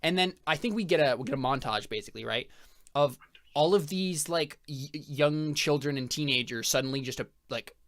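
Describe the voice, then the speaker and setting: A man's voice: a little high, a little fast, a bit bright. Brief: male game master, loose and rambling, many fillers. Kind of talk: narrating a tabletop game.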